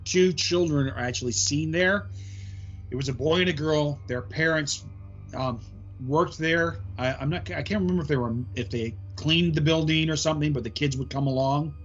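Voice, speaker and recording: A man talking as a guest on a casual podcast, his voice sitting slightly high. He wanders through his points with plenty of "um" fillers. The recording is dull and lo-fi, with faint music underneath. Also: normal speed. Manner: rambling explanations full of "um" fillers. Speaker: paranormal investigator guest.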